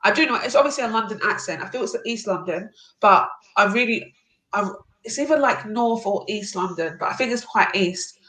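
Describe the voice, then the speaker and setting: A woman's voice: mid-range voice, animated, a little fast, a bit bright, poor audio. A woman chatting casually on a live panel, stumbling and restarting as she talks.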